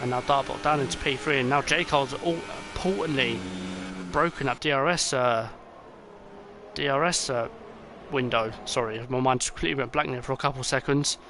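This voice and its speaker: A tired young man calls an esports race, rambling through fillers and jumping up at each move. His voice sits at an ordinary middle pitch. Engine noise from the game runs clearly under his voice. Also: fairly quick. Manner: excitable, rambling, many fillers. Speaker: race commentator. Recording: noisy, with game car sounds behind.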